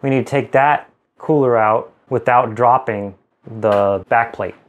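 A man's voice: medium pitch, unhurried, phone-quality sound. A man hosting a casual hands-on tutorial at home, explaining each step plainly while he works. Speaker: channel host building a PC.

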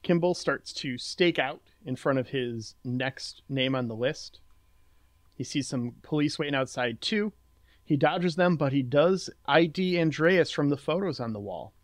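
A man co-hosting a podcast, summarizing a movie's plot in a steady recap and chatting about it. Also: a little high, measured pace, no echo, clean studio sound. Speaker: podcast co-host recapping the film. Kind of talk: casual recap and chat.

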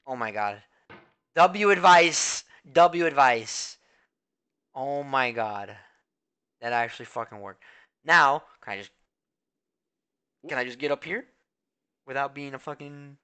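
A man streaming a video game, reacting excitably, swearing a lot and talking to his chat. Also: medium pitch, a little slow, creaky, long pauses, smooth. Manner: talks to chat and thanks followers. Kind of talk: live gameplay commentary. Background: faint game music.

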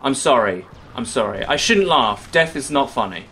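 A man's voice: mid-range voice, animated, bright, forceful tone. A young man giving sarcastic, swearing commentary over his own gameplay as a gaming YouTuber. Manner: sarcastic, swearing, quick to rage and laugh. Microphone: webcam-recorded gaming setup.

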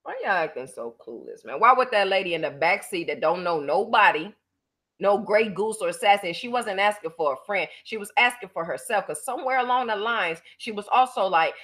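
A woman's voice: medium pitch, fairly bright tone. A woman hosting her own channel, giving blunt, profane, mocking commentary in a casual chatty style. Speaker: channel host.

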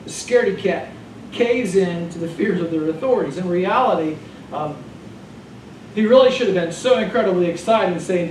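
A man preaching a sermon as pastor, animated and joking in a conversational way. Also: high voice, moderate pace, a little hiss or hum. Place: church sanctuary. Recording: echoey room from far off.

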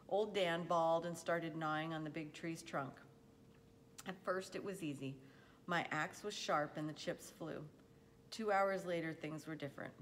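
A woman with a low voice reads a chapter of a novel aloud, unhurried and plain, now and then tripping over a word and starting again. A faint hiss sits under her voice. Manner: unhurried storybook reading with occasional stumbles and self-corrections. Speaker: reader.

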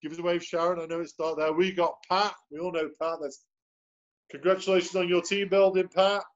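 A man's voice: high-pitched, steady tone, brisk. Chatty male host on a dull video call. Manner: chatty, cheerful, greets people one by one. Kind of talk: upbeat motivational team call.

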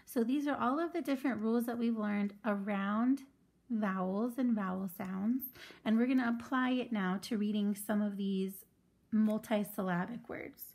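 A woman's voice: medium pitch, normal speed, vocal fry, darkish tone. A woman teaching a phonics lesson to children, patiently sounding out words syllable by syllable.

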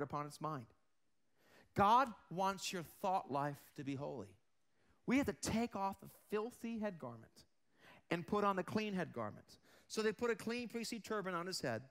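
A man with a high voice preaches a sermon to his congregation. He speaks earnestly and often asks the room questions. To stress a point he drops his voice low and quiet. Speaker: pastor.

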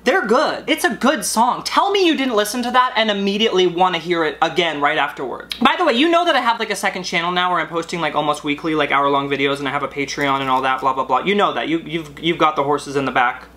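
A young man talking in a rambling, sarcastic comedy vlog, full of quick asides and little put-on voices. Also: fairly high pitch, expressive, bright, forceful tone. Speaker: YouTuber.

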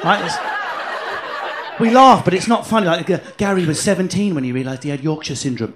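A man doing a stand-up comedy set in a comedy club, brash and sweary, telling animated stories. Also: high voice, moderate pace, pauses often, background noise.

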